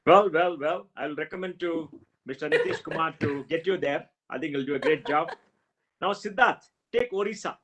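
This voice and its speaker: Brisk male panel moderator, higher voice. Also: fairly bright tone, rough recording. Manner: brisk, quizzing panelists with scenarios. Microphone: video call.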